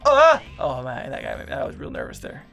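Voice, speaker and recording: Goofy male gameplay commentator with a lively voice that swoops up and down, joking casually over faint game music. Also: brisk, vocal fry. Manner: goofy, jokey, swoops in pitch. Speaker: let's play commentator.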